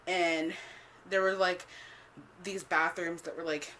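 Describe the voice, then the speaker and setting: A woman vlogger telling a casual storytime, swearing freely, filling every pause with "like" and acting out what she said back then. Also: on the low side, a little hiss or hum. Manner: animated, swears freely, acts out her own past lines; heavy use of "like" as filler.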